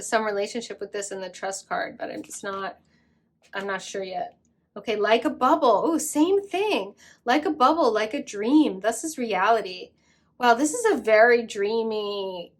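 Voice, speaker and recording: A middle-aged woman giving a pick-a-card tarot reading, talking fast and gushing with excitement. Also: mid-range voice. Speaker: tarot reader.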